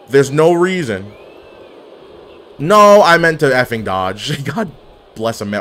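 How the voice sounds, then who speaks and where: Lively, excitable young male gamer. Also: mid-range voice, slow. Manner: excitable, trash-talking, swings from mumbles to yells. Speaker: gaming streamer. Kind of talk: live gameplay commentary.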